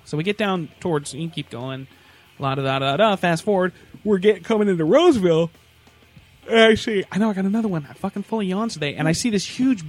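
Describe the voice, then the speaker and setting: A man casually ranting and telling stories on a podcast, full of swearing. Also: a little high. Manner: animated, swearing storyteller. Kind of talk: casual profane rant.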